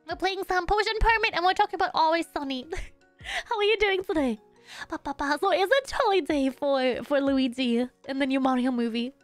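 A woman's voice: sits high, lively intonation, fairly quick, soft background music. A young adult woman streaming a game, chatting casually and playfully, giggling and humming little nonsense syllables between sentences.

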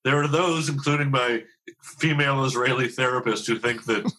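A man's voice: mid-range voice, normal speed, sharp tone, a little hiss or hum, poor audio. A man in his fifties, a TV writer talking candidly as a podcast guest, self-deprecating and rambling with many restarts. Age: 50s. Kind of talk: candid conversational interview.

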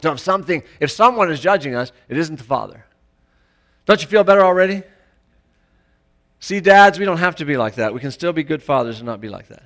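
High, bright-voiced man preaching a sermon. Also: lively intonation, brisk, long pauses. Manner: conversational, asks the congregation rhetorical questions; frequent stammered restarts. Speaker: pastor.

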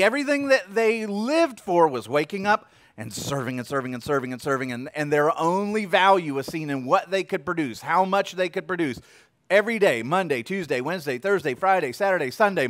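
A young adult man preaching a sermon in a conversational way, repeating phrases and swinging between loud and hushed. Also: sits high, no room sound, studio quality. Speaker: pastor.

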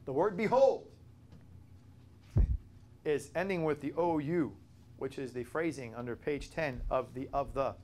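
A man's voice: mid-range voice, normal speed, darkish tone. Earnest man teaching a Bible study. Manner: earnest, repeats key points and spells out words.

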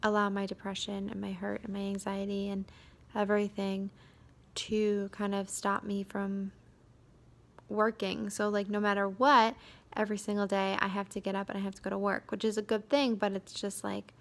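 A young woman vlogging in a quiet, hesitant way, tired and drained, with many fillers and sudden drops into a whisper. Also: medium pitch, completely flat delivery, moderate pace. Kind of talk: confessional vlog.

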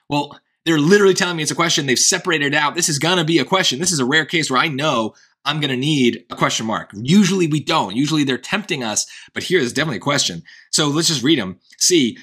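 A man's voice: fairly high pitch, pushed and bright. A man tutoring test prep, talking through a grammar question in a chatty way, thinking aloud with fillers. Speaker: SAT tutor. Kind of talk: casual tutoring walkthrough.

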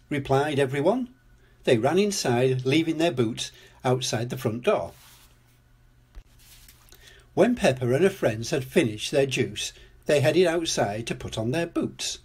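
Older storyteller man, slow, lively pitch, breathy voice. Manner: gentle, unhurried narration. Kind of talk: storybook read-aloud.

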